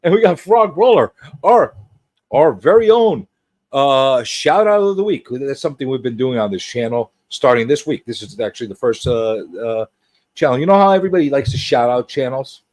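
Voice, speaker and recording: A man hosts a casual livestream, rambling and teasing as he greets viewers. His pitch swings widely from line to line. The sound is dry and close, with no room around it. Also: big pitch swings, moderate pace, darkish tone, no room sound. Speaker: host.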